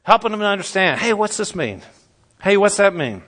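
A man's voice: sits high, big pitch swings, a little fast, a bit bright. A man preaching a sermon, fiery and emphatic, stretching out his stressed words.

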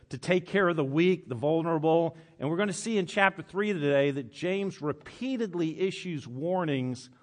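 A male pastor giving a conversational sermon to a congregation, often restarting his phrases and reading scripture aloud. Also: a little high. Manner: conversational, self-correcting, reads old scripture aloud. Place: church with congregation.

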